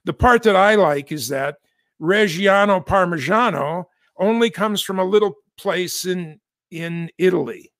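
A man's voice: sits high, a bit bright, no room sound, studio quality. A man from the United States giving chatty, self-correcting commentary with jokey asides. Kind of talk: casual spoken commentary.

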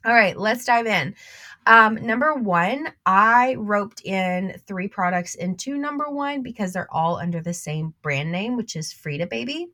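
A woman's voice: medium pitch, animated, a little slow, hardly any pauses, pushed and bright. A young woman with a stuffy, congested nose from a cold, hosting a casual solo podcast in an upbeat, chatty way with frequent small laughs. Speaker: podcast host.

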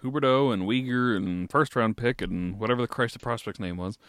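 A man's voice: medium pitch, brisk, fairly bright tone, no room sound. A man co-hosting a podcast, griping about sports with profane, sardonic humor. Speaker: podcast co-host. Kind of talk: casual sports chat.

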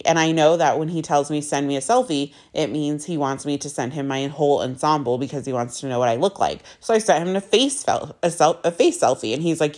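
A woman's voice: low-pitched, normal speed, a little mellow. A young woman vlogger telling a personal story in a casual, chatty way, full of fillers and swearing, acting out both sides of her conversations.

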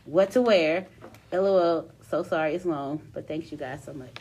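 A young woman co-hosting a casual podcast, reading a listener's long story aloud with animated delivery and frequent laughter. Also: low voice, normal speed, slight background noise.

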